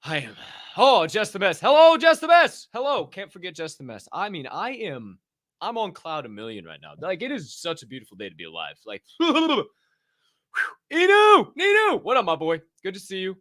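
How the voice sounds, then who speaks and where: A man hosting a casual livestream, excitedly and profanely greeting people in the chat by name. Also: sits high, normal speed, no echo, clean studio sound. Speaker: livestream show host.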